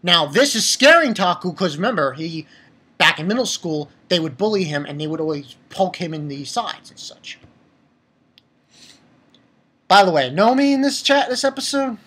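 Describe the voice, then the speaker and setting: Husky male anime reviewer, ranting and mocking, loud bursts and mutters. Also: sits high, normal speed. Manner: animated, profane, mocking, swings from shouting to muttering.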